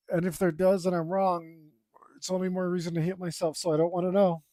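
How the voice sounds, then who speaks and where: A man chatting casually as he works on his art, rambling and joking at his own expense, with loud groans at the dull parts. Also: sits high, flat delivery, a little fast, no room sound, clean studio sound. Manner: rambling, self-deprecating, groans and sighs aloud. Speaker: artist streaming his drawing process. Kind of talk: casual talk while working.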